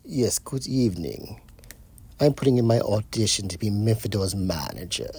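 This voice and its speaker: A man voicing a prim, overly proper gentleman on an audition tape, formal, stiff and polite. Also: on the low side, lively intonation, moderate pace, vocal fry, breathy edge, full character voice. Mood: stiffly formal.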